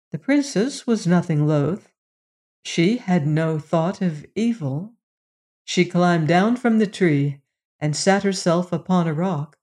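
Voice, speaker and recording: A storyteller reading a fairy tale aloud in a slow, measured way. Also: mid-range voice, a little mellow.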